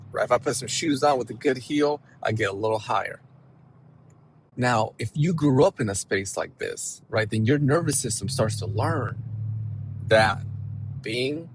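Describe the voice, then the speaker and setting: A man, a counselor, giving an emphatic, animated motivational talk and often checking in with "right?". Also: medium pitch, slight background noise, rough recording.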